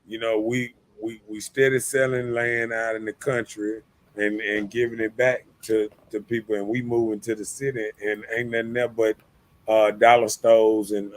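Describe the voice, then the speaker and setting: A man hosting a casual talk stream, rambling with lots of repeated words and fillers. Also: lowish voice. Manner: rambling, repeats words, often says "you know what I'm saying". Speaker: host. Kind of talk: casual livestream chat.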